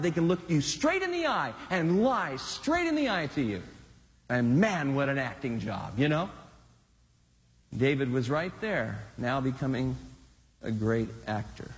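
A male pastor preaching a sermon in an animated, conversational style with dramatic swings. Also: fairly high pitch. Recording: long hall reverb.

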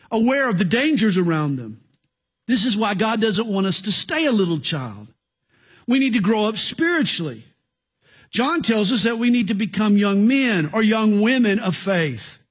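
A middle-aged man, preaching a radio sermon as pastor, earnest with dramatic swings in pitch and loudness.

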